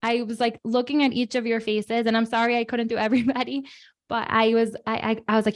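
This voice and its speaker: A woman's voice: fairly high pitch, level tone, brisk. A woman hosting an online prayer gathering for children, talking casually and chattily with many fillers. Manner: chatty, rambling with fillers and restarts. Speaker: host of a kids' online prayer session. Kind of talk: casual, emotional live talk to children.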